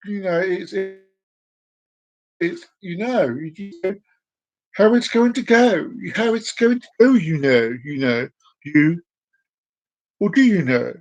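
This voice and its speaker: A man's voice: a little high, lively intonation, a little slow, pauses often. A man rambling playfully to camera in a solo vlog, joking and talking to himself in a sing-song way. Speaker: vlogger.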